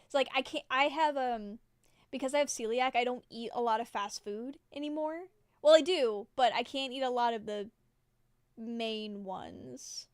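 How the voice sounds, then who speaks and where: A young woman chats loosely with her live viewers, drifting from one thought to the next, filling gaps with "like" and frequent giggles. Her voice sits fairly high and comes across smooth and clear. The sound is dry and close. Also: normal speed, dry recording. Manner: rambling and giggly, many fillers like "like". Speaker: livestreamer. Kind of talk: casual chat with live viewers.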